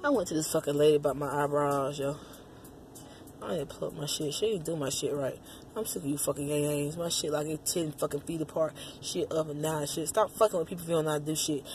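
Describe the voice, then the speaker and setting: Fast-talking profane woman ranting. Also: deep voice, a little hiss or hum. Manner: profane, loud and rambling. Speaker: vlogger. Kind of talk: casual rant to the camera.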